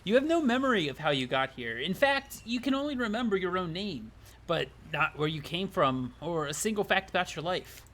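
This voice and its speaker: A man voicing a smug, well-spoken male narrator from a game, with drawn-out, theatrical delivery. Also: high-pitched, big pitch swings, fairly bright tone. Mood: ominous. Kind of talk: reading a game narrator aloud.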